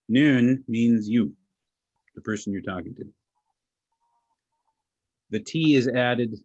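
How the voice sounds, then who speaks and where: Lo-fi audio with no room sound captures a man whose voice sits on the low side and is a little mellow. A language teacher and speaker from Alaska, he lectures patiently on pronunciation, fields audience questions, and keeps a dry, self-deprecating wit.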